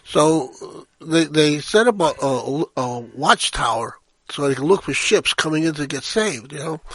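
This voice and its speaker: A man's voice: on the high side, expressive, unhurried, a bit bright, no echo. An older man co-hosting a casual chat show, telling long dirty jokes and acting out the voices in them. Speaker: co-host and engineer.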